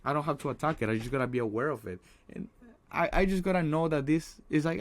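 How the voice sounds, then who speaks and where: A man's voice: on the high side, expressive, fast talker. A man giving a casual motivational talk on social anxiety, earnest, with many restarts and a habit of asking "right?". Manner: earnest, repeats words, tags lines with "right?"; acts out a harsh inner critic in quoted asides.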